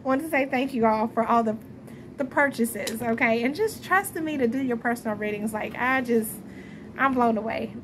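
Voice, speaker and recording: A woman's voice: on the high side, moderate pace, fairly bright tone, a little hiss or hum. A woman reading tarot at home at night, chatty and friendly, often laughing and calling her viewers y'all. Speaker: tarot reader.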